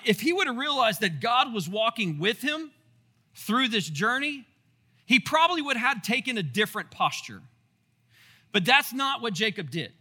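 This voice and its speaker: A male pastor giving a casual Bible teaching, telling the story in a playful, animated way with asides to the congregation. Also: high voice.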